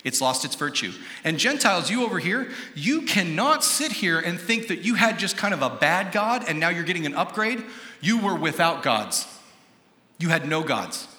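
An American man preaching a sermon as pastor, animated, acting out quoted voices and quizzing his congregation. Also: on the high side, normal speed. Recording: echoey hall with long reverb.

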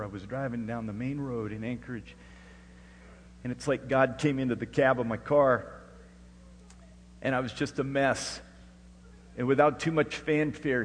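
A middle-aged man from Alaska preaching a sermon and telling his own story. He moves between hushed storytelling and loud, rising preaching. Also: mid-range voice, slightly rough, long reverb tail. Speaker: pastor. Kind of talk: sermon with personal testimony.

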